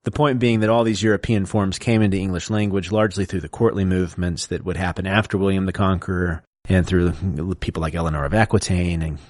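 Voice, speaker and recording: A man with a low, steady voice talks through a subject like a teacher at a podcast table. He explains patiently and in order, in relaxed chat. The sound is dry and close, with no room echo. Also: fast talker, few pauses. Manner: lecturing, explains step by step.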